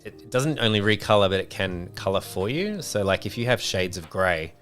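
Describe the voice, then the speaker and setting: Deep-voiced man chatting casually. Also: lively intonation, moderate pace, a bit bright, soft background music. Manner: rambling storyteller, many fillers. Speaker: livestream host. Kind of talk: casual chat on a design livestream.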